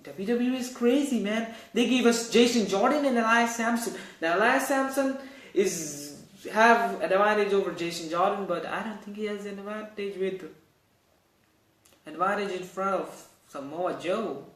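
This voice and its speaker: A man's voice: high-pitched, moderate pace, roomy sound, poor audio. A man hosting a casual wrestling news show, rambling and correcting himself as he talks. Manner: rambling, self-correcting, animated. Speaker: host.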